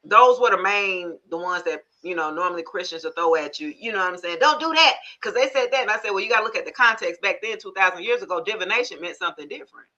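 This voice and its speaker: A woman hosting a tarot live stream in casual chat. She is frank, animated and cusses freely, often turning to her viewers for agreement. Her voice is very bright, and the recording sounds dull and lo-fi. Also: lowish voice, fast talker, few pauses. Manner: animated storyteller, frank and cussing, asks the audience for agreement.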